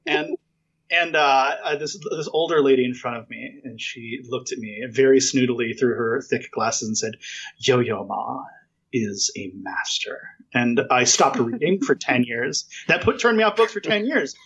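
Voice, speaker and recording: A man's voice: mid-range voice, animated, normal speed, fairly bright tone, husky, lo-fi sound. A man hosting a casual podcast interview, telling jokey, rambling stories full of fillers.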